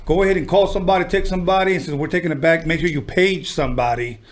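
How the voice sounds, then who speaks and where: A man's voice: on the high side, very fast. Man hosting with crude, hyped banter. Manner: hyped, crude plug for the break. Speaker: podcast host. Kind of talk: casual podcast chat.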